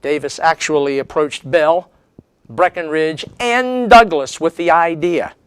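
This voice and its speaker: A man's voice: fairly high pitch, measured pace, clear, resonant tone, dry recording. A man giving a history lecture as a seminar speaker, telling it as a dramatic story with strong emphasis.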